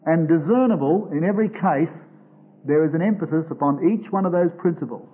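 Male preacher on a tinny phone-like recording. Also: fairly high pitch. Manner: slows to stress quoted scripture. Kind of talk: expository Bible sermon.

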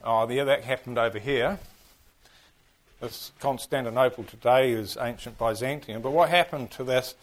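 A man with a New Zealand accent teaching a class, lively and full of questions to his listeners. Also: medium pitch, normal speed. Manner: animated, keeps firing questions at the class. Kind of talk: interactive history class on church history.

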